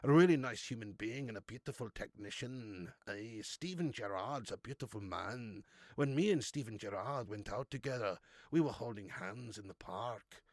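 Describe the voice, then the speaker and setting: A man's voice: on the low side, expressive, moderate pace, no echo, clean studio sound, pitched below the performer's own voice. A man doing a gushing Northern Irish football manager. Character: self-praising male football manager impression.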